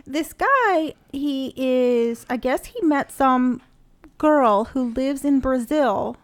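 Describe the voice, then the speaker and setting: High-voiced sarcastic woman storyteller. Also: lively intonation, takes it slowly. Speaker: podcast co-host. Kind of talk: casual comedic chat.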